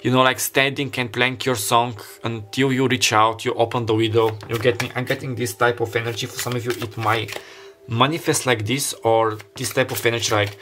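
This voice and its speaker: There's slight background noise as a man talks through a pick-a-card tarot reading, his mid-range voice flat, sharp, and fairly quick. He's earnest and emotionally open but rambling, often breaking off to restart and leaning on "like."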